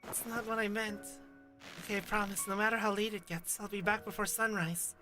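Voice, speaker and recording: A woman voicing a soft-spoken young guardian, reading game dialogue aloud in a quiet, apologetic way. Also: mid-range voice, steady tone, fairly quick, over music, natural voice. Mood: pleading.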